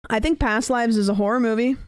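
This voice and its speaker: Smooth-voiced woman streamer chatting. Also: fairly high pitch, fast talker, no room sound. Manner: rambling, chatty with viewers. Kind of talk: casual gameplay chat.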